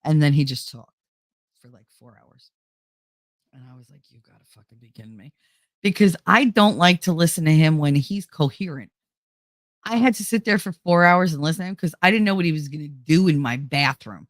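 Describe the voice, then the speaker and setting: A woman in her forties hosting a casual vlog, telling a story in a blunt, animated, profane way. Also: low-pitched, moderate pace, no echo, clean studio sound. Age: 40s. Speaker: host.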